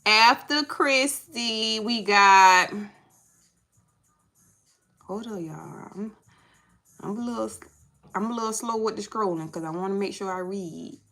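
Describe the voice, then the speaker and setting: A woman's voice: mid-range voice, unhurried, pauses often, a bit bright, low-quality recording. A woman reading tarot on a live stream, chatting casually with viewers and repeating herself as she sorts out names. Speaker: tarot reader.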